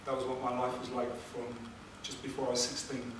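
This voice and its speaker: A man tells an emotional personal story to a seminar audience, pausing for effect and putting questions to the room. His voice sits at an ordinary pitch and is picked up from a distance. The room is very echoey, with clear background noise. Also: completely flat delivery. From England. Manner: emotional, dramatic pauses, rhetorical questions to audience. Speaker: motivational speaker.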